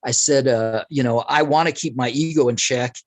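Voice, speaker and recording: A man talking as a guest, telling a long story in a rambling, animated way and jumping between tangents. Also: medium pitch, moderate pace, dry recording, rough recording. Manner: rambling, animated, acts out quoted speech. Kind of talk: casual storytelling in conversation.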